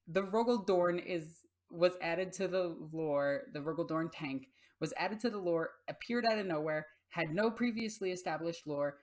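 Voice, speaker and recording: A young adult woman hosting a casual tabletop gaming video, talking bluntly and swearing freely. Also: lowish voice. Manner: blunt and profane, talks baby talk to her cat. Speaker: YouTube host.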